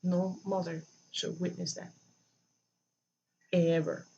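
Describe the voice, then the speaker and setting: A vlogger telling a personal story in a halting way, full of fillers and restarts, recorded near a road with cars going by. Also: mid-range voice, flat delivery, vocal fry, dark tone. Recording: dull lo-fi with faint traffic noise.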